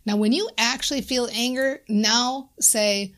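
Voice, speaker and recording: A woman's voice: on the high side, steady tone, unhurried, few pauses, a bit bright. A woman coach giving a casual instructional talk, conversational and repeating her phrases for emphasis. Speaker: abundance coach.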